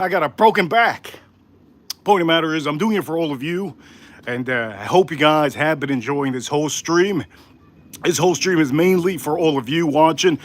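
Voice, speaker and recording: Breathless high-voiced man hosting a cooking stream. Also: dry recording. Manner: crouching while talking to viewers. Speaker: livestream cooking host. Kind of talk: casual live cooking stream. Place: home kitchen in Miami.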